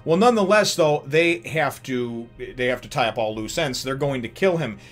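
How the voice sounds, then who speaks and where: A man hosting a chatty comic review vlog at a mid-range pitch for a man. He rambles through the recap with plenty of fillers and restarts, breaking into laughs as he goes. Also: lively intonation, moderate pace, faint music behind. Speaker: host of a manga review channel. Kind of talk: casual chapter review vlog.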